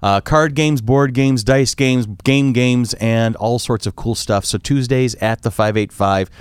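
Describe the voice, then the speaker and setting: A man's voice: medium pitch, a little slow, clear, resonant tone, dry recording. A man hosting a podcast, announcing upcoming events in a chatty, jokey way. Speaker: podcast host. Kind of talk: casual podcast chat.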